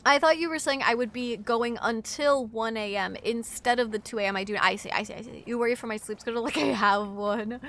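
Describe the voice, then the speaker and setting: Woman, twenties, sick and sleepy, streamer chat, piercing bright tone. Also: fairly high pitch. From Wisconsin, USA. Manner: chatty, scattered, quick swings into loud excited outbursts. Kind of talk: casual live-stream chat while gaming.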